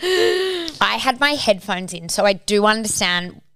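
A woman's voice: mid-range voice, big pitch swings, a little slow, fairly bright tone, no room sound. A woman, co-hosting a casual podcast, blunt and teasing, swearing casually. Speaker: podcast co-host. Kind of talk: casual chat.

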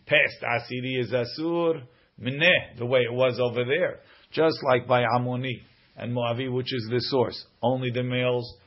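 Guy teaching talmud, reads a line then translates it, kinda muffled lo-fi audio. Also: mid-range voice. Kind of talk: lesson.

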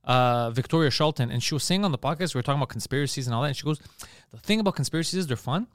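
A podcast co-host chats casually, telling animated stories full of swearing and acting out the voices of people he quotes. His voice is mid-range and rapid-fire, recorded in clean studio sound with no room noise.

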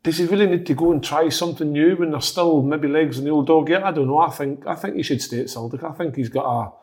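A man's voice: on the high side, quick pace, darkish tone. A man with a Scottish accent giving his football views in casual podcast chat, repeating words as he thinks. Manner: thoughtful, repeats words as he works out his point. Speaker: football pundit.

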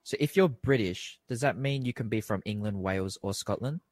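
A young Australian man chatting casually on a video call, rambling with lots of fillers and quick apologies. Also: on the low side, a little mellow, no room sound. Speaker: interviewee. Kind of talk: casual chat.

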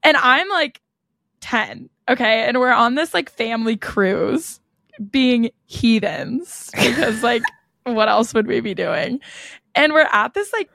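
A woman's voice: on the high side, gravelly, fairly bright tone, dry recording, clean studio sound. A young woman co-hosting a podcast, telling stories in casual chat with lots of "like.". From United States. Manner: chatty, storytelling, frequent "like". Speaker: podcast co-host.

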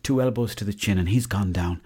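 Irish male podcast host, lower voice, casual yarn-spinner, salty language. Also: fairly quick, warm tone, breathy edge. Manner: chatty, swears freely, tall-tale humour. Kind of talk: casual comic storytelling.

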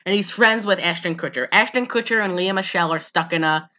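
A woman's voice: on the low side, fast talker, pushed and bright, dull audio. A woman co-hosting a casual podcast, sarcastic and profane, often exasperated and laughing. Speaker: podcast co-host. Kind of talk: casual movie-recap podcast chat.

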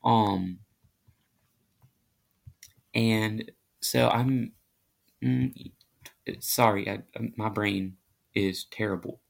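A man's voice: fairly low pitch, fairly even intonation, drawn-out words, vocal fry, pauses often. A man hosting his own podcast, telling a story in a rambling, self-deprecating way with many fillers and restarts. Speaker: podcast host. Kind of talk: casual storytelling monologue.

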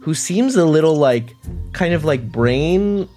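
A man running a tabletop game as game master, describing the scene in a halting, chatty way full of restarts. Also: fairly high pitch, expressive, warm tone, soft background music.

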